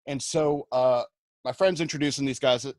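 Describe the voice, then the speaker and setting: A man's voice: mid-range voice, fairly even intonation, moderate pace, no room sound. A man on a radio show, telling self-mocking comic anecdotes and acting out the quotes along the way. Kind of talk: comic storytelling.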